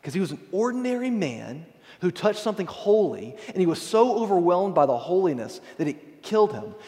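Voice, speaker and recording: Conversational pastor in a reverberant church. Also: male voice, sits high, sing-song, brisk, mellow. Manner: casual, conversational preaching with asides to the congregation. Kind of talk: sermon. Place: church sanctuary. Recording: long hall reverb.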